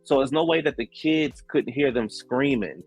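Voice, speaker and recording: A man giving casual, animated commentary as a reality show recap host, slangy, acting out the quotes. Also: mid-range voice, normal speed, gravelly, slightly rough, soft background music.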